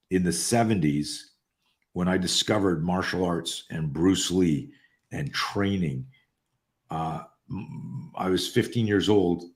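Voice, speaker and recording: A man in his sixties, a podcast guest, telling stories in a casual chat, often restarting his words and livening up when he quotes people. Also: low voice. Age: 60s. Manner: repeats words on restarts, animated when quoting others. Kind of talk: casual storytelling.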